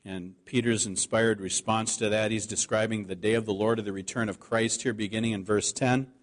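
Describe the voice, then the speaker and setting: A man preaching a sermon, reading scripture aloud and slowing down to stress the key words. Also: on the low side, steady tone. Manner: earnest preaching, slows to stress scripture quotes. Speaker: pastor.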